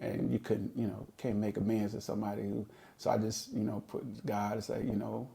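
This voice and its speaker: A man's voice: fairly low pitch, level tone, a little fast, gravelly, mellow. A middle-aged man and podcast co-host, telling a personal story in an earnest, reflective way during a casual chat.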